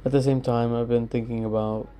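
A man's voice: medium pitch, level tone, a little fast, mellow, clear, resonant tone. A young man in his own room, rambling candidly and swearing often in a casual solo talk to his listeners. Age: young adult. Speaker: podcast host.

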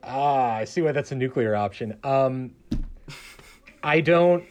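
A man's voice: medium pitch, expressive, slow pace, a little mellow. A man from the American South who works in public radio, talking through a question in a casual panel discussion with lots of fillers and restarts. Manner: hesitant, many restarts and fillers. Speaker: public radio journalist guest.

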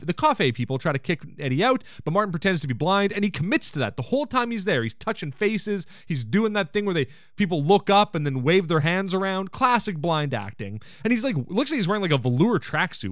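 A man's voice: high voice, fairly bright tone, no echo, clean studio sound. A man hosting a podcast, recapping an episode in casual chat, enthusiastic and full of joking asides. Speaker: podcast host.

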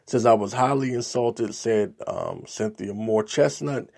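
A man's voice: medium pitch, measured pace, vocal fry, a little mellow. A man hosting a podcast, reading political news reports aloud and breaking off into his own asides, with frequent "um"s. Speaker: podcast host.

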